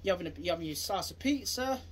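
A man giving a rambling, repetitive self-defence demonstration, acting out scenes and bursting into shouted sound effects. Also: high-pitched, expressive, fast. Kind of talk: casual demonstration talk.

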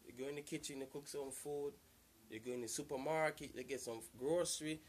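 Man, casual advice vlogger, loose and repetitive, pitch a touch high. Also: steady tone, a little fast, a little hiss or hum. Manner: repetitive, loose and earnest, circling back to the same points. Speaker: vlogger giving relationship advice.

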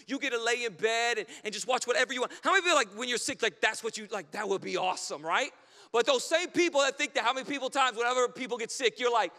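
A man's voice: very high voice, fast talker, pushed and bright. A male pastor preaching a sermon in a casual, conversational way, often checking in with the congregation. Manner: conversational, keeps checking in with "right?". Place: church sanctuary. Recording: long church hall reverb.

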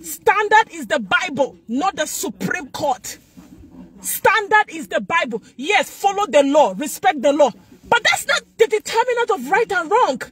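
A woman's voice: extremely high pitch, a bit bright. A woman preaching a fervent sermon, exhorting listeners and repeating lines for emphasis.

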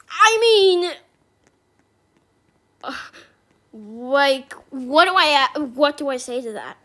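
High, bright-voiced gaming commentator, woman. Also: takes it slowly, pauses often. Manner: excitable, squealing with joy. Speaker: gaming YouTuber. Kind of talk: gameplay commentary.

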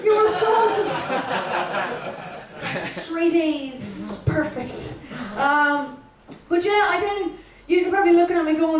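A woman's voice: very high-pitched, animated, slow pace. A young Irish woman doing a stand-up routine, chatty and self-mocking, talking straight to the crowd. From Ireland. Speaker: stand-up comedian. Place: comedy club stage. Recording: roomy live gig from a distance.

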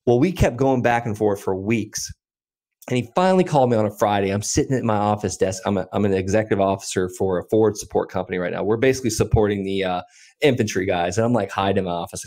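A man in his thirties, a podcast guest, telling a story with lively acted-out dialogue. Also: lowish voice. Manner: animated storyteller acting out dialogue. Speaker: podcast guest, land investor. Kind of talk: storytelling in an interview.

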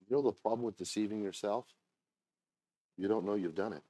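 A man preaching a sermon as pastor, moving between low confiding talk and loud impassioned shouting, often repeating and restarting phrases. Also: fairly quick, pauses often, no room sound.

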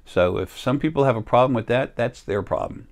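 A man's voice: medium pitch, a little fast. A man in a rambling, self-interrupting casual monologue as a spiritual healer, recorded on a laptop or phone.

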